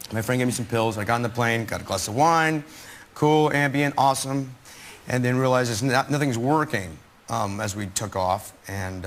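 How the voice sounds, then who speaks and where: A man, a chat show guest telling an embarrassing story in a relaxed, self-mocking way. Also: mid-range voice. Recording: noisy studio recording.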